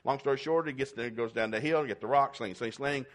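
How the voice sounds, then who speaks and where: A man with a mid-range, slightly bright voice preaches a little fast. His sermon retells Bible stories with folksy humor, and he performs the characters' voices as he goes.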